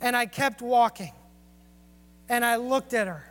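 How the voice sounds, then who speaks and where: A man's voice: very high-pitched, unhurried, a bit bright. A man preaching a sermon and telling personal stories in an earnest, confessional way. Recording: long hall reverb.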